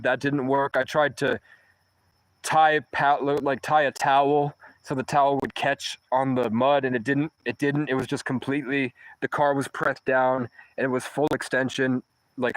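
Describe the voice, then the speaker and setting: A man's voice: mid-range voice, no echo, low-quality recording. A young man telling a long personal story in a rambling, profane way, often restarting mid-sentence. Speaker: vlogger. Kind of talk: casual storytelling monologue.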